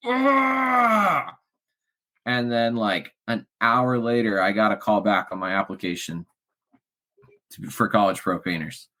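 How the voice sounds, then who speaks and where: A middle-aged man, a podcast guest, telling a candid personal story in an emotional way that drops to quiet murmurs and rises to loud outbursts. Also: steady tone, normal speed. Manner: emotional, swings from low murmurs to loud shouts.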